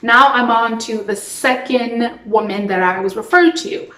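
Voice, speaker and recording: A young adult woman from Toronto, telling an acting story in a chatty, expressive way, with lots of "like.". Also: a little high, a little slow, reverberant, low-quality recording. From Toronto, Canada. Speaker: actress. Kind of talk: storytime vlog.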